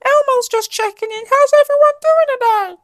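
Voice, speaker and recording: A man putting on the very high, chirpy voice of a furry puppet monster who talks about himself in the third person. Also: normal speed, fairly bright tone, no echo, clean studio sound.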